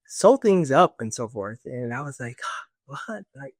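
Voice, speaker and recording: A man's voice: medium pitch, expressive, a little slow, dry recording, clean studio sound. A man telling a personal story in casual conversation, acting out the voices of others with fillers like "this and that". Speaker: guest.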